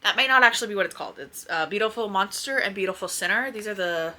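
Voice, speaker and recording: Speaking fast in an animated, pushed and bright medium-pitched voice, a book vlogger chats and rambles casually at home by her bookshelves. She faces a camera in front of her and swears now and then.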